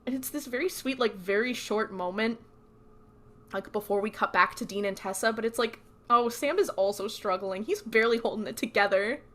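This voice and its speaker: A woman's voice: a little high, brisk, fairly bright tone. A woman co-hosting a podcast, casually recapping TV episodes in a chatty storytelling way and acting out the characters' lines. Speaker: podcast co-host.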